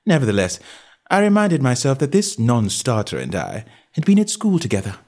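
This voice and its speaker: A man reading a comic novel aloud in the first person. His delivery is jaunty and wry, and he swings his pitch widely. The voice has a husky edge. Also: wildly swooping pitch, moderate pace, a little mellow. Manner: jaunty, wry storytelling with varied character voices. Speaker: audiobook narrator.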